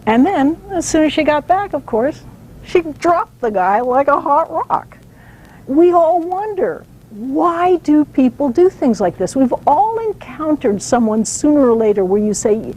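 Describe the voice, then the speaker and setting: A woman author giving a public talk, telling stories in an animated way with some fillers. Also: high-pitched, a little slow, a little hiss or hum, low-quality recording. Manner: storytelling, animated, uses fillers.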